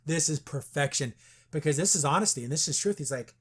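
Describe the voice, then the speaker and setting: High-voiced man excitedly recapping an episode. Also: fast, slightly rough. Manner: excited, retells scenes by acting out lines. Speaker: podcast host. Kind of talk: casual episode recap chat.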